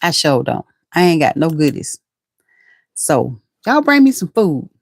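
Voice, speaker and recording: A middle-aged woman with a drawl, chatting casually into her computer on a home livestream. Her voice sits low and is picked up dry and close, with no room sound. She talks in a folksy, easygoing way, calling out her viewers by name. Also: sing-song, unhurried, creaky, dry recording. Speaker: livestream host.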